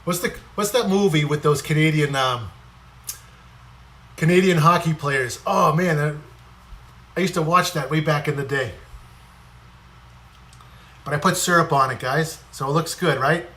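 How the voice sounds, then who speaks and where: A man's voice: a little high, moderate pace, long pauses, sharp tone. A man hosting a casual cooking live stream, chatting with viewers and greeting them by name, sometimes moving away from the mic as he cooks. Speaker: livestream cooking host.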